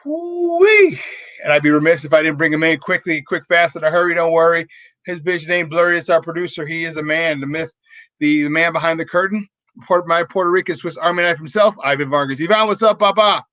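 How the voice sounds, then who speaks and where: A man's voice: on the high side, fairly even intonation, fast, a bit bright, dry recording. A man hosting a sports talk show, fired up and playful, throwing rhymes and banter. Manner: hyped, rhyming, playful banter. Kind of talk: energetic sports radio talk.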